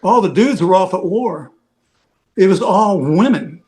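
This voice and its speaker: A man's voice: high voice, expressive, a little slow, darkish tone. A man telling a long road story in casual podcast chat, rambling with lots of filler phrases. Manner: rambling anecdotal, heavy "you know" fillers. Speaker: veteran rock roadie guest.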